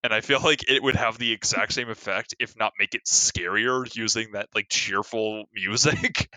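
A man's voice: lowish voice, fairly even intonation, normal speed, pushed and bright, no room sound, rough recording. A man in casual podcast chat about a film, rambling with lots of filler words and frequent laughs.

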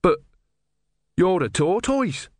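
A man voicing a naive, anxious young male novice monk, raising his voice higher for the part. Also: sing-song, takes it slowly, no echo, studio quality, heavily acted. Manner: anxious, bewildered.

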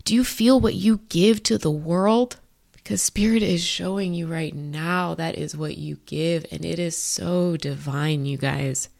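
A woman's voice: fairly low pitch, fairly even intonation, a little slow, gravelly, a little mellow. A young adult woman giving a casual spiritual message, swearing freely and laughing as she talks. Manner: profane, laughing, conversational. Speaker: spiritual channeler.

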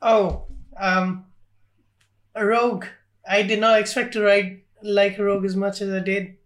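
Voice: medium pitch, level tone, unhurried. A podcast co-host chatting casually about films, hesitant with many likes and ums. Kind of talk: casual film chat.

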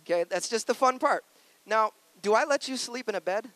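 A man's voice: high-pitched, a little fast, fairly bright tone, no room sound. A male pastor preaching a sermon, playful and conversational, earnest and personal.

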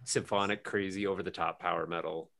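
A man in casual conversation who tells animated anecdotes and laughs as he talks. His voice sits fairly low but sounds bright and forward. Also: fairly quick, slight background noise. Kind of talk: casual chat.

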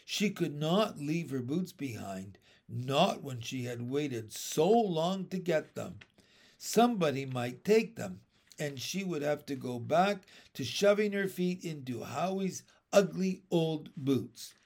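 A man narrating a children's book aloud in a measured, expressive storytelling manner. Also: fairly high pitch.

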